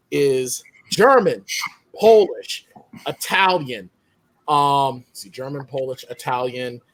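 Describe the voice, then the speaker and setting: A man from Pittsburgh, an author, chatting animatedly on a panel and laughing often over a video call. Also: on the high side. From Pittsburgh, Western Pennsylvania. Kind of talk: casual panel chat.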